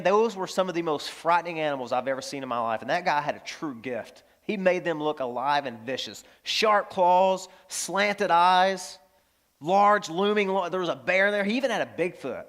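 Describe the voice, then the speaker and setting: A pastor delivering a lively sermon, his voice sitting a little high for a man. He moves between bright, loud exclamations and quiet, tender passages. He tells stories and talks straight to his congregation. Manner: animated, swings from loud exclamations to hushed tender lines.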